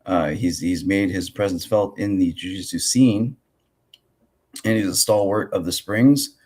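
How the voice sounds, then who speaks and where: A hoarse man with a very low voice hosts a casual podcast. He sounds froggy from a cold and rambles along with plenty of fillers and restarts. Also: a little slow, darkish tone. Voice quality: froggy, gravelly. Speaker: podcast host.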